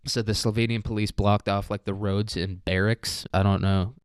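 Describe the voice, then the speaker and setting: A young man with a low, smooth voice hosting a loose solo podcast. He rambles through his points, swears freely and drops joking asides. The sound is dry and close on the mic. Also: flat delivery, moderate pace, no room sound. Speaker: podcast host. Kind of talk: casual solo podcast monologue.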